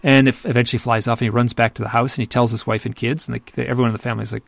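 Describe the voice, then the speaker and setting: A man, an author and podcast guest, telling a story in a loose, animated way with many restarts. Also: mid-range voice, rapid-fire, creaky, few pauses, no echo. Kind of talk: conversational storytelling.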